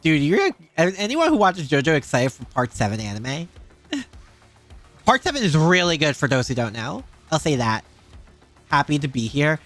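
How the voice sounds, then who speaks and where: A woman streamer giving excitable, chatty commentary while playing. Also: low voice, moderate pace, faint music behind. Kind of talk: casual gaming commentary.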